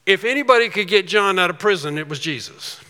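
A man's voice: high voice, expressive. Emphatic preaching man in a hall. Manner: emphatic preaching, swings from quiet to loud and drawn-out. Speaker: pastor. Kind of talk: sermon.

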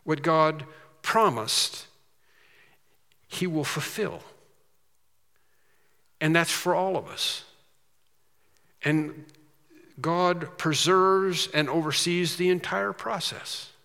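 A man preaching a sermon, slow and emphatic with quicker asides. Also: a little high, vocal fry, pushed and bright, long reverb tail.

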